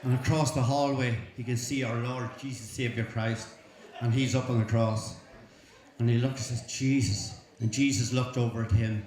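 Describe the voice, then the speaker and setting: A man's voice: mid-range voice, fairly even intonation, normal speed, a little mellow. A man with an Irish accent telling jokes in folksy storytelling fashion, chuckling through punchlines at a school talent show. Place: school hall. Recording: echoey hall.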